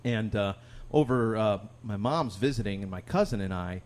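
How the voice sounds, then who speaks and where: A man, a podcast co-host and songwriter, telling a long story in relaxed chat, laughing often. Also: fairly low pitch, moderate pace. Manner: rambling, animated storyteller who laughs often.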